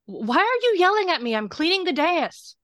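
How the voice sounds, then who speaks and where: A woman's voice: extremely high pitch, very animated, moderate pace, fairly bright tone, dry recording, clean studio sound, pitched above the performer's own voice, exaggerated voice. A woman voicing a shapeshifter disguised as a young maid who talks back with dismissive indignation. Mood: indignant.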